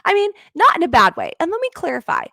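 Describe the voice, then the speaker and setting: A woman's voice: extremely high pitch, huge pitch swings, fast talker, vocal fry, bright, forceful tone, no room sound. Earnest woman podcast host, dry close sound. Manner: earnest storytelling, acts out her own past lines. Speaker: podcast host and business coach. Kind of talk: faith-based podcast monologue.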